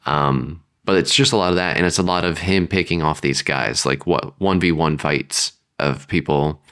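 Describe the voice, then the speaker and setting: A man's voice: rumbling low, a bit bright, clean tone. A man co-hosting a storytelling podcast, thinking aloud about a story and briefly acting out lines of its characters. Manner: thinks aloud, acts out characters in quick voices. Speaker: podcast co-host. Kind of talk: casual brainstorming chat.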